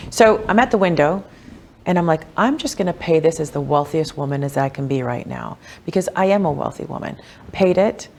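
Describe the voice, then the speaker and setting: A woman, a wealth coach, telling personal stories in a casual podcast interview, animated and chatty, with lots of "like" and "you know.". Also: brisk, slight background noise. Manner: animated, acts out quoted voices with big pitch jumps.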